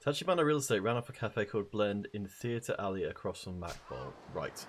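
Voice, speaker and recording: A man's voice: on the low side, sing-song, brisk, a little hiss or hum. A man casually playing a video game, chatting and reading dialogue aloud. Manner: reads game dialogue aloud in put-on voices. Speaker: let's play host. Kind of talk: casual let's play commentary.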